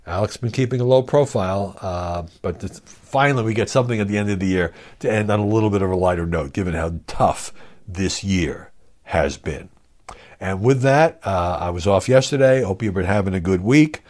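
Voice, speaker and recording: A man's voice: low voice, normal speed, a little mellow. A man hosting a podcast, giving casual, skeptical media commentary with frequent fillers. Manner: reads a quoted statement aloud. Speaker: podcast host.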